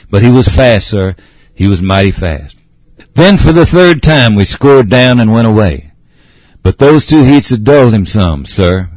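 Gurgling old cab horse, polite, keeps saying sir, lowish voice, as a guy reads him. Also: a little mellow, no room sound. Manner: polite, says sir often.

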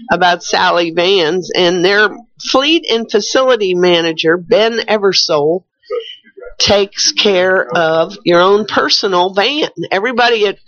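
An older woman who hosts a radio show reads out announcements in a chatty way, dropping wry asides as she goes. Her lowish voice is hoarse from a cold yet fairly bright in tone. The recording is muffled and lo-fi, like radio.

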